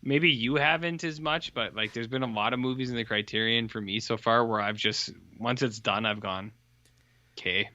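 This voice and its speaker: A man co-hosting a podcast, chatting casually and rambling through deadpan stories. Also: medium pitch, normal speed, hardly any pauses, muffled recording. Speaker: podcast co-host. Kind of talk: casual chat.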